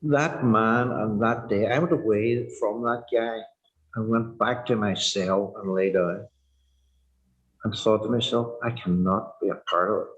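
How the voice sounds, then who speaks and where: Older Northern Irish man giving earnest personal testimony, lowish voice, halting delivery peppered with fillers. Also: fairly even intonation, dull audio. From Northern Ireland. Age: 60s. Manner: halting, heavy with "you know" fillers; reflective and earnest. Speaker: former prisoner sharing his story.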